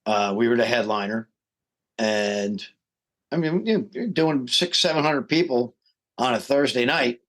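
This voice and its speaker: A middle-aged man, a rock singer guesting on a podcast, telling a story with lively acted-out quotes. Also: medium pitch, unhurried. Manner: animated storyteller who acts out quoted voices. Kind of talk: casual storytelling interview.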